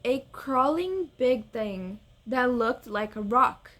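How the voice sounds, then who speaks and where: Excitable young woman gamer, slow-talking. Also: on the high side. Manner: excitable, swings between scared and cooing over cute creatures. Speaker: gaming vlogger. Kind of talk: casual gameplay chat.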